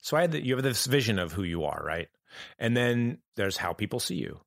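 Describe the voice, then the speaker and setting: A man in a reflective podcast conversation, talking earnestly in halting, restarting phrases. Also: mid-range voice, big pitch swings, vocal fry, no room sound, studio quality. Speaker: podcast guest.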